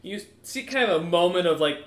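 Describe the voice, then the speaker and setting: A man running a tabletop game as game master, narrating in a rambling style with frequent restarts. His voice sits a little high for a man. The room around him sounds echoey. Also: expressive, brisk. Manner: rambling, full of fillers and restarts.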